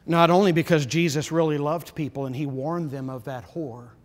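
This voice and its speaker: A man preaching a sermon as pastor, earnest and insistent, often dropping to a low, solemn emphasis. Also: in a large hall.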